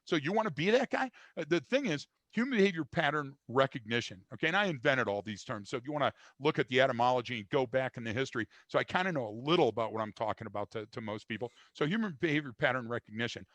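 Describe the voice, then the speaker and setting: An older American man speaks as an interview guest in a blunt, emphatic way, often restarting his sentences and leaning on fillers. His voice sits at a middling pitch and comes across dry and close, with almost no room sound. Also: animated, fast, few pauses, a bit bright, no room sound. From United States. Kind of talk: conversational interview.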